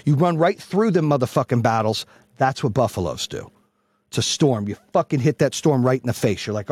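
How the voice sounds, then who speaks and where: A man hosting a podcast who gives a loud, blunt, profane motivational speech, yelling to fire up his listeners. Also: mid-range voice, animated, fairly quick, husky, no room sound. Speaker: podcast host and business coach.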